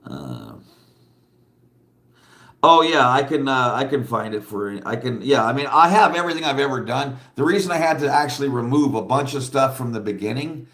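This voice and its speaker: A man's voice: mid-range voice, expressive, normal speed, fairly bright tone, echoey room. A man hosting a casual livestream, chatting bluntly and rambling, laughing often and reading viewer comments aloud. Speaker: livestream host.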